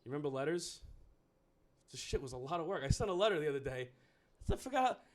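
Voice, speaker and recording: A man's voice: a little high, big pitch swings, fast. A man doing a stand-up comedy set, rambling, profane and self-mocking.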